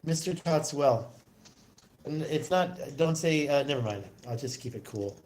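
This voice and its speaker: A man's voice: fairly high pitch, lively intonation, measured pace, darkish tone. Rambling man on a phone livestream. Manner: rambling, answers viewer comments aloud. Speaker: livestream host. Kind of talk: casual livestream chat.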